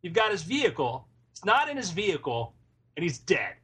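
A man's voice: high-pitched, big pitch swings, moderate pace, a bit bright, breathy edge. A man running an improvised murder mystery, laying out the case in a laid-back way. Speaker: game master.

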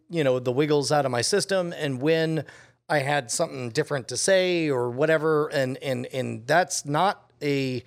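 A man chatting casually on a podcast, joking and halting as he speaks. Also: mid-range voice.

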